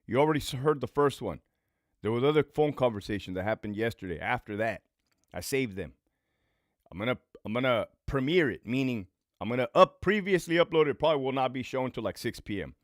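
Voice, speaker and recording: A man in his forties talks on a casual livestream, blunt and profane, and hammers his points home by repeating them. His pitch swings a lot as he tells his stories. The sound is close and dry. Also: expressive, a little fast, no echo. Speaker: former prison lieutenant turned online host.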